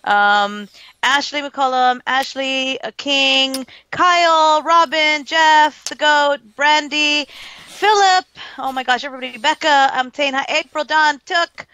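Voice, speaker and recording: A woman's voice: high voice, fairly even intonation, slow, sharp tone, no room sound. A woman co-hosting a live podcast, chatty and giggly, reading listener names aloud. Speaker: podcast co-host. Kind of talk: casual live podcast chat.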